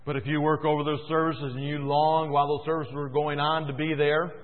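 Man, preacher, sermon, high-ish voice, loud-to-hushed swings, echoing church, tinny sound. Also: little pitch movement, fairly quick. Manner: impassioned, swings between loud emphasis and quiet. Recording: tinny echoey church recording.

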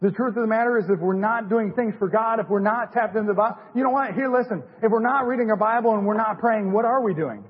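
A man's voice: high-pitched, fast, hardly any pauses, breathy edge. A middle-aged man preaching an informal church sermon, folksy and repetitive, with many fillers and restarts. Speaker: lay preacher. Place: church sanctuary. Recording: dull lo-fi recording in a big reverberant hall.

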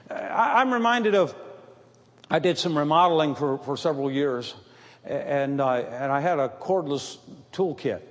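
A man preaching a sermon. He stammers and repeats words, and sometimes rises into shouting. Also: fairly high pitch, animated, measured pace. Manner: stammering repetitions, bursts into shouting. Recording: long hall reverb.

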